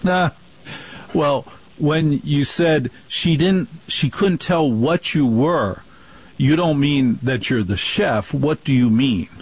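A man's voice: a little high, slow pace, slightly rough, dry recording, poor audio. A man hosting a radio show, asking questions with emphatic enthusiasm. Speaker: radio host. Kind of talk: radio interview.

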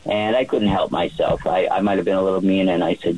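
A man who works as a yacht chef, telling a relaxed story on the radio with many fillers and restarts. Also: low voice, a little fast, husky, poor audio.

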